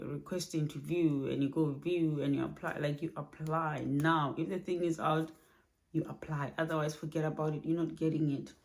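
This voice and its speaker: Soft-spoken, halting woman vlogging at night. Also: low voice. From Australia. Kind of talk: personal late-night vlog. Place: home at night.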